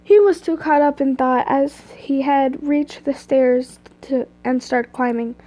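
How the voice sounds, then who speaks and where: Young woman with a cold reading a story slowly in a high, mellow voice, stopping for chatty asides. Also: low-quality recording. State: sick and hoarse, clearing her throat. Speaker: fan fiction reader. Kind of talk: casual reading of a story aloud. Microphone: phone screen recording.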